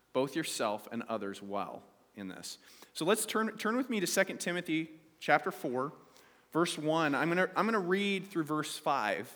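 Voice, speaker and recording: A man's voice: fairly high pitch, fairly bright tone, big-room sound. A male pastor preaching a sermon to his congregation, asking them questions as he goes and reading scripture aloud.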